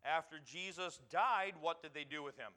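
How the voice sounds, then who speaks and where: A pastor teaching a sermon, reading scripture aloud and pausing to quiz the congregation for answers. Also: male voice, fairly high pitch, bright, forceful tone. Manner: quizzes the congregation with pauses for answers.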